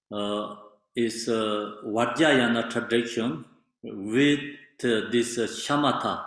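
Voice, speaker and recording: A man teaching meditation in halting non-native English with many fillers, explaining patiently. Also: mid-range voice, a bit bright. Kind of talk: meditation instruction. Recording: very echoey room.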